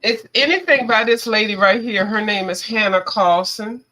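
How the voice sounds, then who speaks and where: A woman hosts a casual late-night live stream over a video call. She talks while coloring, in a relaxed, chatty way with drawn-out fillers. Her voice is bright and tense-edged, sitting at a middle pitch.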